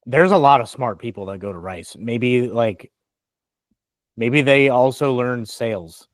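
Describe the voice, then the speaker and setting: A man's voice: mid-range voice, unhurried, no room sound. Joking young man, dry sound. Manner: joking, teasing banter. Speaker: podcast co-host. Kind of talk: casual sports talk.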